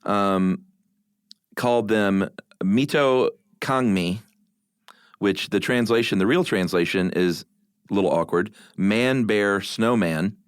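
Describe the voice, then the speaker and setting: A man's voice: fairly low pitch, slow pace, smooth, no echo, clean studio sound. A man co-hosting a podcast in casual chat, a laid-back storyteller who mocks himself and fills gaps with "uh". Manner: laid-back, self-mocking storyteller with many uhs. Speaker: podcast co-host.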